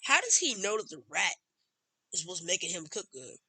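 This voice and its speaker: Bright-voiced man puzzling over a movie. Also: high-pitched, huge pitch swings, moderate pace, husky, no echo, poor audio. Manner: confused, wondering aloud. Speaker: reaction host. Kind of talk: casual reaction commentary.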